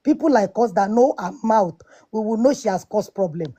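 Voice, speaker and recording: A woman's voice: mid-range voice, animated, moderate pace, mellow, breathy edge. A woman on a live audio panel debate, lecturing emphatically and repeating her points. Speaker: panel speaker.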